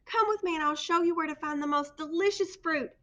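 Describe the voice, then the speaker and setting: Gentle mother bat from a picture book, read by a woman, reassuring. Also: extremely high pitch, brisk, muffled recording, pitched above the performer's own voice. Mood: tender.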